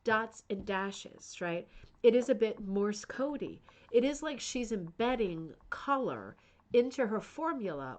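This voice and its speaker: A woman hosting a rug hooking club's live stream, chatting enthusiastically about a book and reading out viewer comments. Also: medium pitch. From United States. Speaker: host of a rug hooking club channel.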